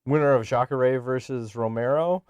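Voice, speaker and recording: A man's voice: medium pitch, moderate pace, a little mellow, smooth, dry recording, muffled recording. Brash joking man on a dry podcast mic. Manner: brash, profane and joking, laughs often. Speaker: podcast co-host. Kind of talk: casual chat.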